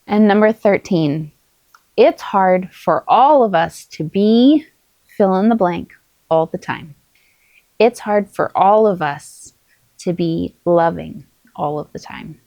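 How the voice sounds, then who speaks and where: A middle-aged woman, a mother, talking to camera in a calm, earnest and encouraging way as she shares parenting advice. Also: lowish voice, slow, no room sound, highs cut off. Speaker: parenting vlogger, mother of many. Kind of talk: casual spoken advice to camera.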